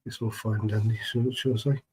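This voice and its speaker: A man's voice: lowish voice, steady tone, brisk, a little mellow, slight background noise, low-quality recording. A man chatting casually on a live stream, greeting viewers and reading their messages in a laid-back, chummy way, keeping his voice down.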